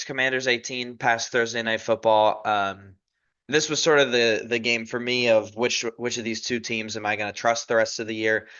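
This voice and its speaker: A man's voice: lowish voice, pushed and bright. A man hosting a casual sports recap podcast, talking in a rambling, self-correcting, opinionated way. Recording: dull lo-fi recording.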